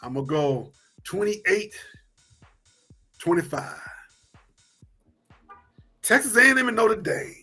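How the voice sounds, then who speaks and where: A man's voice: high voice, sing-song, takes it slowly, pauses often, bright, forceful tone, husky, faint music behind. A man co-hosting a casual sports talk show, loose and repetitive, laughing easily as he talks picks.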